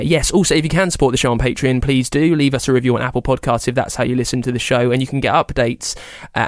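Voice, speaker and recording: A man's voice: medium pitch, no echo. Man, podcast host, mid-range voice, chatty, self-deprecating, dry recording. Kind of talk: podcast interview and sign-off.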